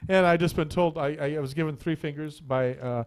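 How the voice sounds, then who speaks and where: Hey so its a guy hosting local radio in the studio, kinda high voice, rambles n laughs a lot. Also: steady tone, normal speed. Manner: chatty and rambling, laughs often, repeats words. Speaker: radio talk show host. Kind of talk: casual on-air chat, telling a joke.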